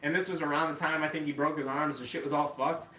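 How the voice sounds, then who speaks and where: A podcast host tells a story with a bright, cutting tone, throwing in profanity and playing out each quoted line. He sits a bit far from the mic in a reverberant room. A faint hiss sits underneath. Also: fairly high pitch, fast. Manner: profane, animated, acts out quoted voices. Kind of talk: casual storytelling.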